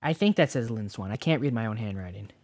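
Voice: mid-range voice, expressive, fast, a little mellow. A podcast co-host, blunt and teasing, leading the segments in casual banter. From Canada (Toronto).

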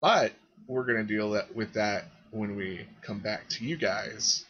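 A man runs a tabletop game, describing each scene and calling for rolls. His voice is bright and forward. The recording sounds dull and lo-fi. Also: on the low side, unhurried, husky. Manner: descriptive, addresses players directly. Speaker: game master.

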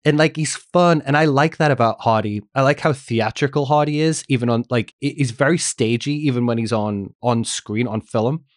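A man co-hosts a casual movie podcast with an even, middle-range voice. He is opinionated and chatty, tossing asides straight to his listeners. The sound is close and dry, with no room around it. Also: mid-range voice, normal speed, few pauses, no room sound. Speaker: podcast co-host. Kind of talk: casual movie-ranking chat.

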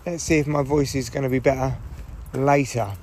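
A middle-aged man with a hoarse voice, chatting in a rambling, irritable way and swearing freely on a solo podcast recorded in a parked car. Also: mid-range voice, fairly even intonation, moderate pace, a little mellow, a little hiss or hum. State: hoarse from shouting. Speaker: podcast host.

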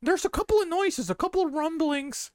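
A woman voicing a goofy, excitable male sea turtle, silly and giggly, in a comedic fan dub. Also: extremely high pitch, brisk, dry recording, studio quality. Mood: curious. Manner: giggly, wide-eyed, silly.

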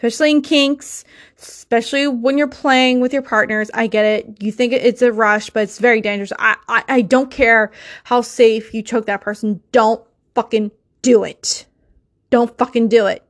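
A woman's voice: on the high side, fairly even intonation, normal speed, a bit bright. A young woman hosting a solo podcast, talking in an emotional, insistent way and swearing often. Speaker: podcast host.

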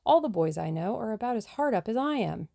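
A woman's voice: a little high, expressive, brisk, vocal fry, mellow, no room sound, clean studio sound, pitched above the performer's own voice. A woman reading as a plucky young adventuress.

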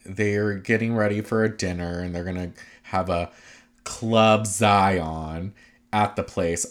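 A man giving a casual, gossipy recap of a reality show, chatty and full of fillers, with sarcastic asides. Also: low voice.

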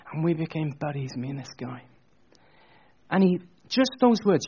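A man preaching a sermon, telling a story in an animated, chatty way with jokey asides. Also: high voice, brisk, dull audio, a little hiss or hum.

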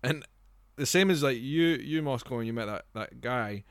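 A man co-hosting a podcast, telling stories in a quick, chatty way. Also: medium pitch, no room sound, studio quality. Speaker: podcast co-host. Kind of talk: casual chat.

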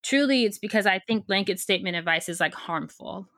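A woman's voice: medium pitch, animated, brisk, a bit bright, no echo, studio quality. A woman guest coach in a casual podcast interview, talking with energy and emphasis, frank and unfiltered, with the odd casual swear.

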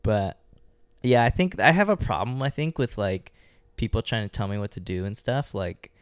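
A man with a fairly low voice chats on a podcast in a relaxed, rambling way, peppering his stories with profanity. The recording is dry and close, with no room sound around him. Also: normal speed, smooth, no echo. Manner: rambling and profane, laid-back storytelling. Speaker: podcast co-host. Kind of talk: casual podcast chat.

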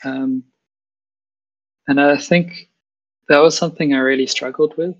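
A trans woman from South Africa speaks as a guest over a video call, her South African accent clear despite the muffled audio. Her voice is low and fairly even in intonation, and she talks unhurriedly in a casual, hesitant way, full of fillers and restarts.

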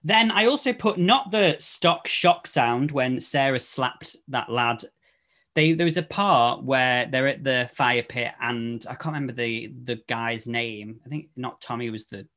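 A man co-hosting a horror podcast, talking through a film review in a loose, casual way. His voice leaps up in animated bursts and then sinks quiet at the ends of his phrases. He sits at an average pitch for a man. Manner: animated, trails off and restarts, voice drops low at phrase ends. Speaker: podcast co-host.

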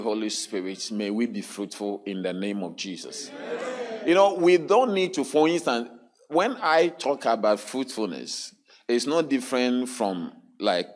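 A man preaching a sermon at a church service, drawing responses from the congregation with frequent hallelujahs and questions. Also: medium pitch. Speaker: pastor.

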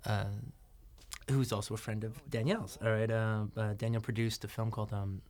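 A man talking loosely on a film commentary as its producer, full of ums and uhs and quick laughs. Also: on the low side, fairly even intonation, a little mellow. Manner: rambling, lots of ums and uhs, laughs often. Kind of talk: DVD commentary chat.

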